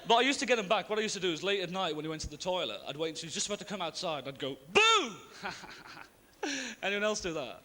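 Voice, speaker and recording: A young man from Ireland, doing a stand-up comedy routine live on a theatre stage, tossing in deadpan asides and quick voices of other people. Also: high-pitched. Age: young adult. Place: large theatre stage with audience. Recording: live theatre recording with long reverb and faint ambience.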